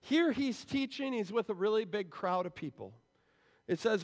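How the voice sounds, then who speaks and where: A man's voice: sits high, expressive, moderate pace. A male pastor giving a sermon in a church sanctuary, explaining scripture in a conversational way. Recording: long reverb in a church hall.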